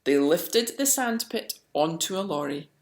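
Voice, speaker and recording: A woman reading a picture book aloud, slowly and expressively. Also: lowish voice, a little hiss or hum. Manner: slow and expressive. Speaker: storyteller. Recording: roomy echo.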